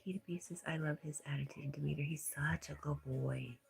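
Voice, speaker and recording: A woman hosting a casual livestream, reading viewer comments aloud in a soft, often whispered way and chatting back. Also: low voice, fairly even intonation, fairly quick, gravelly. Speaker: livestream host reading chat.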